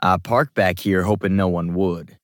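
A man's voice: low-pitched, normal speed, no echo, clean studio sound, close to an everyday voice. A man reading an audiobook, voicing a teasing, affectionate young man who jokes easily. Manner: joking, relaxed.

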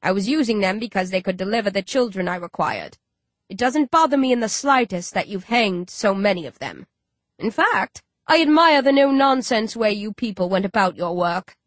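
A woman's voice: medium pitch, lively intonation, normal speed, dry recording, lightly acted. A smug, simpering male creep, voiced by a woman narrator, crude and pleased with himself. He speaks from close by in a dry, close recording.

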